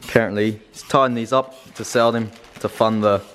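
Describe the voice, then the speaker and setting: A man's voice: on the low side, steady tone, moderate pace, a bit bright, clean tone. A man giving laid-back commentary on a car project vlog. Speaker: vlog narrator.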